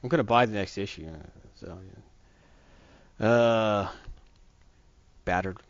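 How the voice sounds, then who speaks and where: A man with a lowish voice reviews a comic book during a casual podcast chat, rambling, opinionated and unhurried. The recording is dull, dry and lo-fi, without echo.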